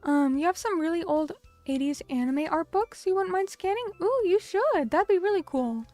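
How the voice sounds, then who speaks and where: A young woman chats with her stream audience in a high, bubbly voice. She is chatty and full of fillers as she reacts to comments. The sound is dry and close, with soft music playing underneath. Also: lively intonation, moderate pace, no room sound. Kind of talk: casual chat with viewers.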